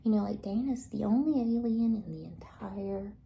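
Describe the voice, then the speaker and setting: A woman talking casually to her viewers in a rambling way, full of fillers and soft whispered asides, recorded with echo. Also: medium pitch, normal speed, vocal fry. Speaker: vlogger. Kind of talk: casual monologue. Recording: echoey recording.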